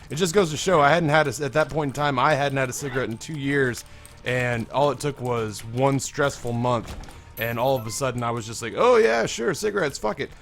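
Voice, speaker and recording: Hoarse young man rambling over gameplay. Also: mid-range voice, fairly bright tone. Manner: rambling, candid, swears freely. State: hoarse, strained voice. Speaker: gaming video host. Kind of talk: let's play commentary.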